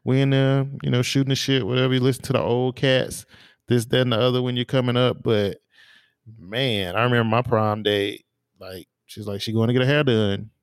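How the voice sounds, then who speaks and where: A man co-hosting a podcast, telling stories in a relaxed, casual way with lots of fillers and restarts. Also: mid-range voice, brisk, clean tone, no room sound, clean studio sound. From small town in the US. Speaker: podcast co-host. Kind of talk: casual chat.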